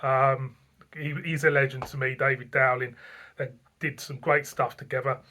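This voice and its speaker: A medium-pitched, pushed, bright voice with little pitch movement carries this man's moderate-paced anniversary vlog tale. As host of a beer review channel, he rambles, says things more than once, and peppers it with fillers and chuckles.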